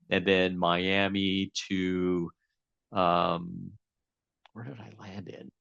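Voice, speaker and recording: A man's voice: deep voice, gravelly, fairly bright tone, no room sound, highs cut off. A man being interviewed as a guest, telling a long story casually with many fillers and restarts.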